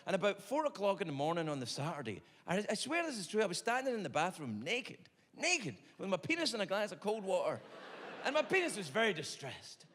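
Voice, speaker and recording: A Scottish man tells a stand-up story with an animated, exaggerated, confessional delivery. His fairly high voice swings wildly up and down. His words ring out into a long hall reverb over faint ambience. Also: brisk. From Scotland. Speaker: stand-up comedian.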